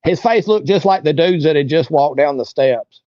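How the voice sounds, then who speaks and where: An animated man with a slightly high, mellow voice speaks at a moderate pace, telling a casual story as an interview guest and voicing the people he quotes. The recording is dry, dull, and lo-fi.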